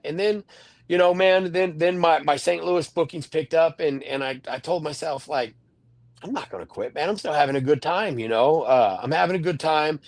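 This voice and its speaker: A man's voice: on the high side, no echo. A middle-aged man, a wrestling manager, answering interview questions in a rambling way, full of fillers and restarts. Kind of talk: candid podcast interview.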